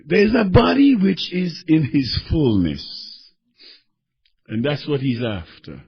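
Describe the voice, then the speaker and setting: A man preaching a sermon, swinging between fervent shouting and quieter teaching as he reads scripture. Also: fairly high pitch, big pitch swings, slow pace, breathy edge. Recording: dull lo-fi recording.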